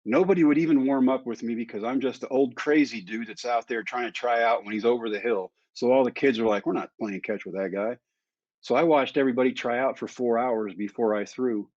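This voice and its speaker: A man in his fifties, a guest in an interview, telling his story in a lively way and acting out the dialogue. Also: mid-range voice, brisk, hardly any pauses, no room sound. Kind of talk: candid storytelling in conversation. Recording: dry, slightly dull sound.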